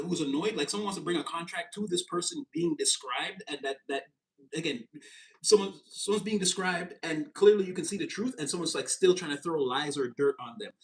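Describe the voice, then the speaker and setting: A high-pitched man talks his way through a tarot reading to camera. He is animated and loose, laughing often and jumping into mocking voices. His delivery stays casual and chatty. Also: rough recording. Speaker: tarot reader.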